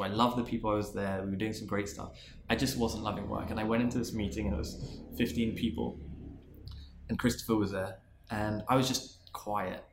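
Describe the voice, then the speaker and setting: Earnest low-voiced man telling a story. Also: roomy sound, a little hiss or hum. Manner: earnest, restarts and repeats words. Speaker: interview guest, marketing executive. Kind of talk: reflective storytelling in conversation.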